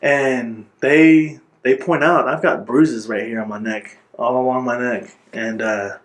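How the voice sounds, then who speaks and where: A man being interviewed, telling his own life story in an earnest, reflective way and pausing now and then to gather his words. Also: medium pitch, steady tone. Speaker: interview guest.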